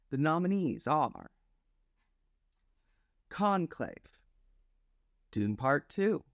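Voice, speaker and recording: A man presenting an award category with deadpan, self-mocking jokes. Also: mid-range voice, no echo, studio quality.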